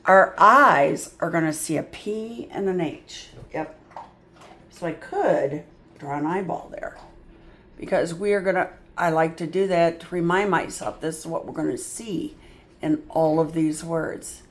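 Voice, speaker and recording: A woman's voice: low-pitched, unhurried, fairly bright tone. A woman tutoring phonics, patiently sounding out letters and words, with chatty asides of "yep" and "mm-hmm". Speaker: reading tutor. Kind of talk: phonics lesson.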